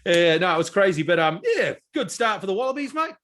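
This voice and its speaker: A man's voice: high-pitched, big pitch swings, brisk, a bit bright. A man co-hosting a sports podcast, talking bluntly in casual chat, swearing and laughing easily. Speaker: podcast co-host.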